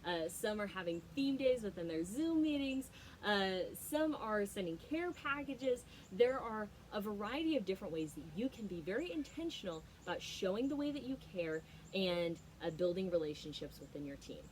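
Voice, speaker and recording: A woman's voice: medium pitch, very animated, normal speed, a little hiss or hum, rough recording. A young adult woman, a leadership trainer, giving an emphatic motivational talk with stories and frequent fillers.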